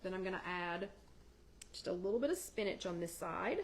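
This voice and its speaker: A woman's voice: on the low side, animated, fairly quick. Chatty woman demoing a recipe live. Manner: chatty, talks to viewers in the live chat by name. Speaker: host of a live weight-loss chat. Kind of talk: casual cooking demo on a livestream. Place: home kitchen.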